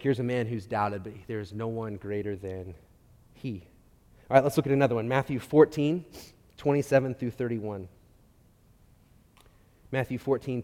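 Male pastor, mid-range voice, animated sermon storytelling with loud-to-soft swings, recorded in a reverberant hall. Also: medium pitch. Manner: animated storytelling, with frequent restarts and swings between loud and quiet.

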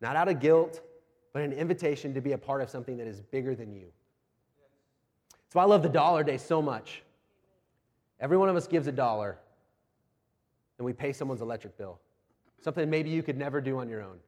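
A man's voice: mid-range voice, lively intonation, brisk, long pauses, a little mellow. A man in his thirties, a pastor preaching a sermon, earnest and emphatic, repeating his key phrases. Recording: long reverb of a large hall.

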